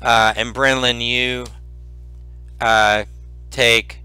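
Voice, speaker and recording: A man narrating as game master in a tabletop game, halting with many fillers. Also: mid-range voice, little pitch movement, pushed and bright, clean tone, dry recording, faint music behind.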